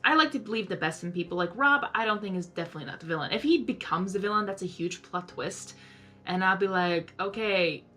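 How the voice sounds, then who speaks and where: A woman's voice: medium pitch, bright, forceful tone. Chatty young woman reacting to a show. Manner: chatty, lots of "like", talks back to the characters. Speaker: reaction video host. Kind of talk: casual live reaction commentary.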